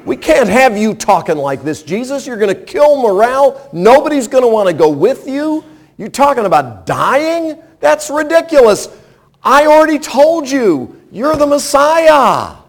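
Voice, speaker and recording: A preacher putting on an exasperated male disciple, very high, loud and insistent, incredulous scolding. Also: sing-song, unhurried, heavily acted.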